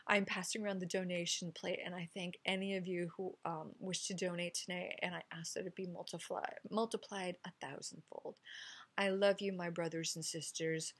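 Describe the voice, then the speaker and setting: A middle-aged woman giving an informal spiritual sermon to a camera, speaking softly and meditatively and often sinking into whispered affirmations. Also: on the low side, little pitch movement, normal speed, slightly rough. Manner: soft and meditative, drifting into hushed whispered affirmations. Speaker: pastor. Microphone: camera mic.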